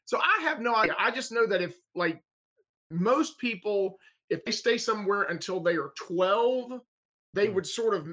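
A man's voice: sits high, normal speed. A man co-hosting a film podcast, telling rambling stories with lots of fillers. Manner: rambling, animated storyteller with many fillers. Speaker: podcast co-host. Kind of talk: casual film podcast chat.

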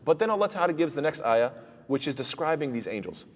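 A man's voice: fairly high pitch, big pitch swings, quick pace, husky, in a large hall. A man teaching a Quran commentary lecture, asking rhetorical questions and answering them himself, with recited verses in between.

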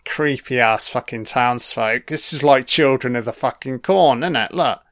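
A man's voice: medium pitch, moderate pace, fairly bright tone. A man giving a casual, sweary and sarcastic commentary on a film.

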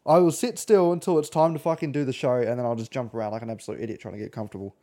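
A man's voice: medium pitch, very fast, mellow. A man with an Australian accent hosts a casual podcast. He rambles through asides and swears freely. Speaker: podcast host.

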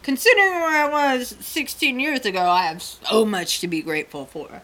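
A middle-aged woman co-hosting a talk show tells a personal story frankly, swearing freely and laughing often in candid storytelling chat. Her voice is on the high side, sing-song and fairly bright, at normal speed.

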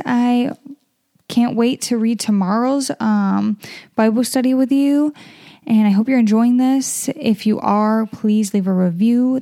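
Mellow, gravelly-voiced woman podcaster. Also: mid-range voice. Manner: reads verses then explains them in chatty plain words. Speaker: podcast host reading scripture. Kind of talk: casual Bible study podcast.

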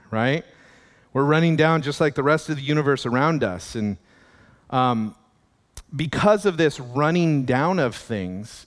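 A man's voice: medium pitch, moderate pace, big-room sound. A man preaching a sermon as pastor, in a conversational way with chuckling asides.

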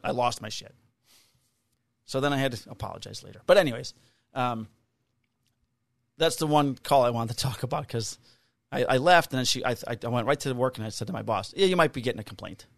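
Middle-aged male podcast co-host, casual profane storyteller, average pitch, dry close sound. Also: vocal fry, no echo. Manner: animated storyteller, swears freely, acts out quotes in raised voice. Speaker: podcast co-host, police officer.

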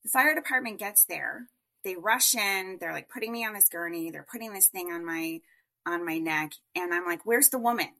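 Woman guest, gravelly and bright, emphatic storyteller. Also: lowish voice, moderate pace. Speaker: guest entrepreneur. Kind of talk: personal storytelling.

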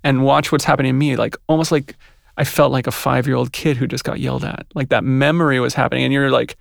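A man speaks as a podcast guest in a relaxed, reflective conversation, now and then acting out his own thoughts. His voice is strongly gravelly and full of fry. The sound is close and dry. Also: medium pitch, fast, dry recording. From West. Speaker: podcast guest, yoga teacher. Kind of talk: casual conversation.

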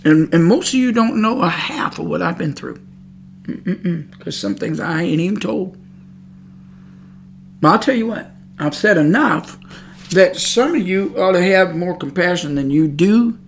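A woman's voice: on the low side, creaky, a little hiss or hum. A woman preaching on a podcast, emphatic and scolding, repeating her points. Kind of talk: preaching monologue.

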